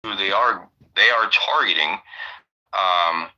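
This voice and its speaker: A man's voice: low-pitched, slow pace, pushed and bright, lo-fi sound. A man in casual chat, rambling and swearing with lots of fillers. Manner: rambling, profane, many fillers.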